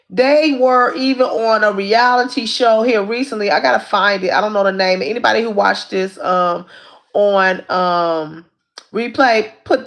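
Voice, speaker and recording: A woman hosting a casual livestream, retelling a story in an animated, repetitive way with lots of asides to her viewers. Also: high voice. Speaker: livestream host. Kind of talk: casual recap of a reality show.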